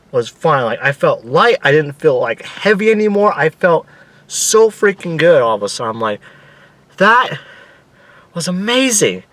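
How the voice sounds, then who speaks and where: A young man casually telling a story in an excitable, animated way, swearing now and then and acting out his own screams. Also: a little high, dry recording. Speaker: vlogger.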